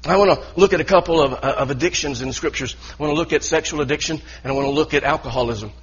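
Male pastor, husky mid-pitched voice, earnest stop-start preaching, muffled church recording. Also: racing. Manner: earnest preaching with repeated restarts. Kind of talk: sermon.

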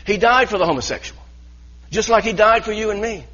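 A man's voice: sits high, expressive, a little fast, pushed and bright, lo-fi sound. A man preaching a sermon as pastor, earnest and full of restarts and repeated words.

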